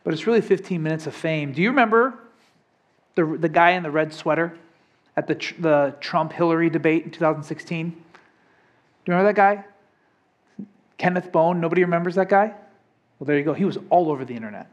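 Young man, pastor, conversational sermon, fairly high voice, quizzes the congregation. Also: a little fast, pauses often. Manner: conversational preaching, asks congregation questions.

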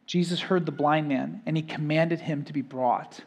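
A man giving a sermon as pastor, preaching emphatically, rising and louder on key phrases, then dropping soft, and often repeating words as he builds a point. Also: a little high, fairly even intonation, moderate pace, gravelly.

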